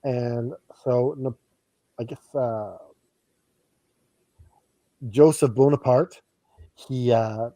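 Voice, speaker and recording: Co-host, man, rambling joker, dry close mic, mid-pitched. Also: steady tone, very slow, pauses often, mellow, no echo. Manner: rambling, joking, laughs often. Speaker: podcast co-host. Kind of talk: casual chat.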